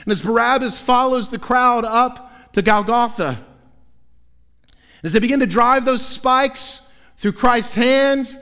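High-voiced pastor preaching in a reverberant hall. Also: male voice. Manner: dramatic storytelling, swinging between loud and hushed. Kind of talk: sermon. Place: church sanctuary. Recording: long reverb of a large hall.

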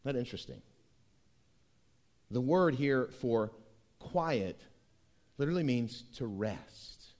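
A middle-aged man preaching a sermon as pastor, emphatic and swinging between hushed and loud delivery. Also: medium pitch, animated, takes it slowly, pauses often.

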